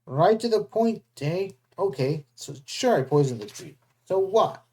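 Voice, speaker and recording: A reader voicing a smooth, scheming young man who mocks and persuades in a storybook read-aloud. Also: medium pitch, expressive, measured pace, darkish tone, pitched above the performer's own voice, close to an everyday voice. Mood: mocking. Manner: smooth, mocking.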